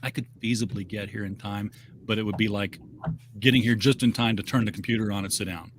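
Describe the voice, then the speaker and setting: A man's voice: on the low side, fairly even intonation, fast. Brief: man from Southern Illinois, rambling co-host, faint room hiss. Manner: rambling, stammering restarts. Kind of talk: casual chat. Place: home.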